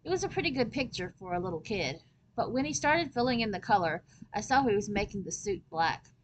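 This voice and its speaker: A woman reading a children's chapter book aloud as a storyteller, with lively first-person narration. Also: medium pitch, brisk, a little hiss or hum, rough recording.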